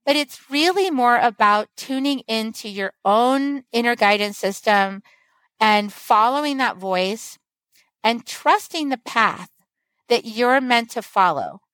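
A woman's voice: on the high side, animated, takes it slowly, a bit bright, no echo, low-quality recording. A woman guest on a podcast, talking in an earnest, flowing, teacherly way about spiritual growth. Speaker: guest author and medicine woman. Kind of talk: casual podcast conversation.

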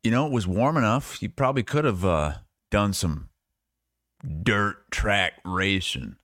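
A man's voice: on the low side, measured pace, fairly bright tone, no room sound, studio quality. A man from Iowa co-hosting a sports podcast, telling teasing stories in casual chat. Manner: teasing, storytelling. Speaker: podcast co-host.

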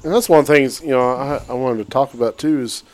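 A man tells a story in a relaxed, rambling way, full of "you know" and "um". His voice sits at an ordinary middle pitch for a man. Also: fast talker. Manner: relaxed, rambling, many fillers. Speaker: youth outdoors program leader. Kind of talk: casual storytelling chat.

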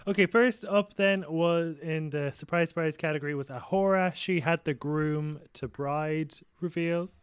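A man's voice: a little high, moderate pace, few pauses, smooth, no room sound. A man hosting a podcast, casually leading the chat from one segment to the next. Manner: leads segments, easygoing. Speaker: podcast host.

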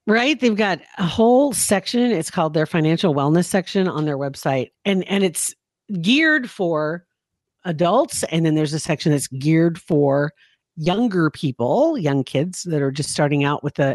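A man's voice: fairly high pitch, moderate pace, dry recording. A man co-hosting a podcast, telling a story in casual chat and acting out the scenes as he goes. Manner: animated storyteller, acts out screams. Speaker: podcast co-host.

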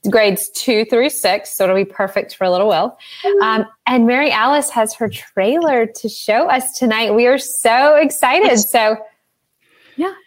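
Chatty woman, slightly high voice. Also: a little slow. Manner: chatty, lots of fillers like "like". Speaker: co-host. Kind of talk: casual video chat.

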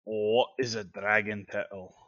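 A man's voice: lowish voice, fairly even intonation, unhurried, bright, forceful tone, muffled recording. A man playing a tabletop game, talking casually and politely in character. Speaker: player. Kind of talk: tabletop role-play.

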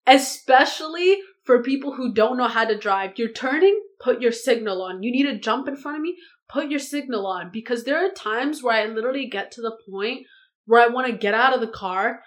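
A woman in her twenties, English not her first language, chatting as a podcast guest in a living room, animated and laughing often. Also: on the high side, normal speed. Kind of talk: casual chat.

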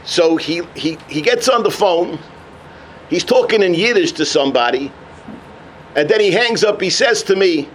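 A man giving a sermon as a rabbi, telling a story with animated energy. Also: sits high, normal speed. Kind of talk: sermon on the weekly portion.

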